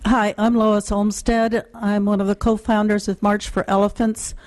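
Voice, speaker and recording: A woman's voice: medium pitch, flat delivery, a little slow, a little mellow, poor audio. An older woman giving brief, earnest public testimony at a legislative hearing, pleading with the committee.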